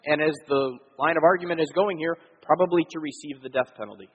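A man's voice: on the high side, lively intonation, fairly quick, few pauses, breathy edge, lo-fi sound. A man preaching a sermon as pastor, explaining earnestly with frequent fillers. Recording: long hall reverb.

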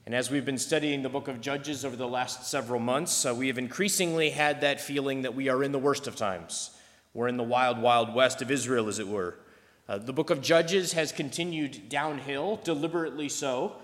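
A man's voice: mid-range voice, moderate pace, fairly bright tone, long reverb tail. A male pastor reading a long scripture passage aloud, then praying and preaching with occasional fillers. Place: church sanctuary.

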